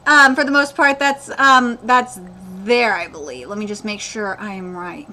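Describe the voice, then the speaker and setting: A woman's voice: mid-range voice, steady tone, normal speed, bright, forceful tone, slight background noise. A woman hosting a live anime reaction, ranting with exasperation and swearing freely as she checks details against the manga.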